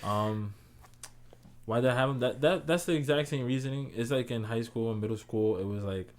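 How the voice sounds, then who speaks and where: A man's voice: mid-range voice, brisk. A man co-hosting a podcast in casual chat. He mostly gives brief, laid-back replies and teasing questions. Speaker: podcast co-host.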